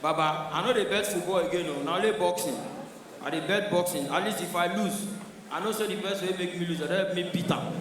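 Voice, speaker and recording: A man's voice: high-pitched, quick pace, crowd noise. A man with a Nigerian Pidgin accent doing live stand-up, telling stories animatedly and switching into character voices. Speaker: stand-up comedian. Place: large live comedy venue. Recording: echoey hall from far off.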